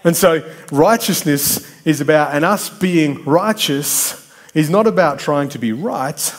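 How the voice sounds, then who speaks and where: A man's voice: a little high, expressive, unhurried. Man preaching a conversational sermon. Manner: conversational, repetitive emphatic phrasing; bantering with the congregation by name.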